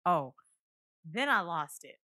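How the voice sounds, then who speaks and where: Storyteller woman, bright lively voice, dry close mic, swearing freely. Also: quick pace, no echo. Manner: animated, profane, acts out quotes with big pitch jumps. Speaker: podcast guest. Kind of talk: casual storytelling chat.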